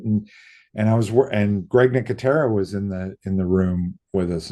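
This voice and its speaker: Low, mellow-voiced man telling stories. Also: moderate pace. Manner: lively storyteller who acts out quoted voices, casual swearing. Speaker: interview guest, makeup effects artist. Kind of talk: casual anecdotal interview storytelling.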